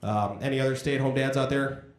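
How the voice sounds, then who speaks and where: Against crowd noise in an echoey comedy club room, a man with a medium-pitched voice delivers a brisk stand-up set on stage. His style is conversational and self-deprecating, and he acts out voices in his stories.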